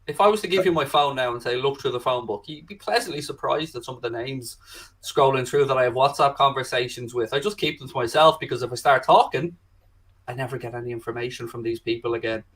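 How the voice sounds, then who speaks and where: A man's voice: mid-range voice, fast talker, fairly bright tone, rough recording. A man, co-hosting a casual football chat and talking in confident, emphatic long runs. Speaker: podcast co-host.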